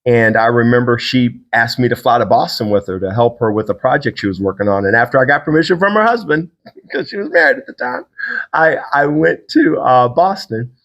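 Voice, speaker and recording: A man's voice: fairly quick, creaky, lo-fi sound. Middle-aged guy on a podcast, chatty storyteller, voice jumps way up when he gets into it. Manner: animated storyteller, acts out quotes with big pitch jumps. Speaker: podcast host. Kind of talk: storytelling, casual faith talk.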